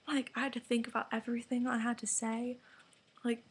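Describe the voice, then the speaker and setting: In a candid vlog rant, an English teen girl talks to camera in a rambling way, whispering some asides. She sounds a little high and breathy, keeping a level tone at a brisk pace.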